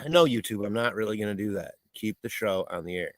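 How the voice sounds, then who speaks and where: A man's voice: on the low side, fast, no room sound. A middle-aged man chatting casually on a live stream while he cooks, reading viewer comments aloud and laughing often.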